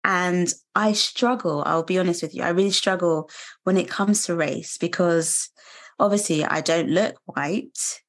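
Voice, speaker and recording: A British woman in her thirties, a guest speaking earnestly and reflectively in an interview, pausing and restarting as she thinks. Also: on the low side. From United Kingdom. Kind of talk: candid interview conversation.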